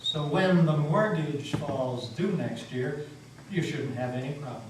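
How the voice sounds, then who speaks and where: A man's voice: a little high, a little slow, noisy background, natural voice. Man doing a sly smiling devil, dramatic stage reading, echoey hall, distant mic. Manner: easy, smiling menace. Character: smooth sly male devil stranger. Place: meeting house.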